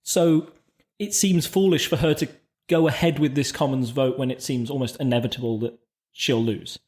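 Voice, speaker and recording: Man, podcast co-host, mid-pitched voice, explanatory, casual political chat. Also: fairly even intonation, darkish tone. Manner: explanatory, measured, with frequent restarts.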